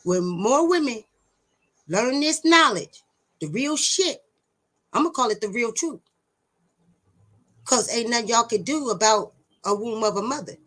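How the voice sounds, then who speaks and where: With a slightly high, bright, animated voice, she moves at a measured pace and leaves long pauses. She plays the teacher in a preachy monologue aimed right at her viewers, blunt and emphatic, using profanity, repeating words for emphasis, and needling them with rhetorical questions.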